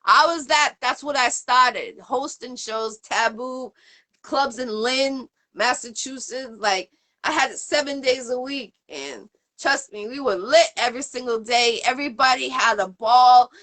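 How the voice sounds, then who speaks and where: High-pitched and a little slow, a woman from the Boston area in the USA hosts an interview show. The conversation is casual, upbeat and rambling, packed with fillers and shout-outs.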